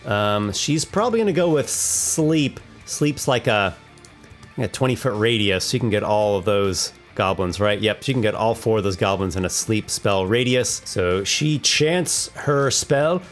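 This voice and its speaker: A man's voice: lowish voice, expressive, a little slow, soft background music. A man hosting a tabletop monster battle, narrating with enthusiasm and thinking aloud over the dice rolls. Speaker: host running a monster battle. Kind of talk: narrating a tabletop combat simulation.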